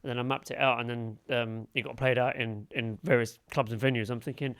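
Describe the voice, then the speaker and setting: A man's voice: medium pitch, a little fast, smooth. Easygoing man hosting a podcast. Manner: relaxed, rambling, many fillers and restarts. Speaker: podcast host. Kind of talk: casual podcast conversation.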